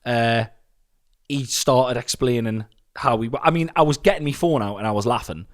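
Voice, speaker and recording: A male podcast co-host in casual chat, animated, swearing and mocking with put-on voices. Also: mid-range voice, moderate pace.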